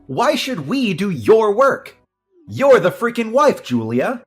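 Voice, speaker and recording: An actor playing an entitled young husband who defers to his mother, dismissive and prone to excited outbursts. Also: mid-range voice, moderate pace, faint music behind, close to an everyday voice. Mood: scornful. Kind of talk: audio drama acting.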